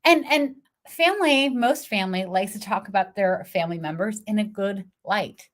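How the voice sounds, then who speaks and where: A woman's voice: mid-range voice, moderate pace. Chatty woman business coach on a livestream. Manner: chatty, laughs often, acts out quoted voices. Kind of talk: casual livestream talk. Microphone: phone propped against computer.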